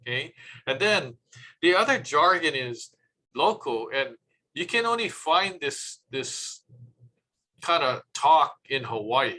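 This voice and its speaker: A man presenting tips on public speaking in a relaxed, chatty way, acting out little quoted remarks. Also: a little high, slow, rough recording.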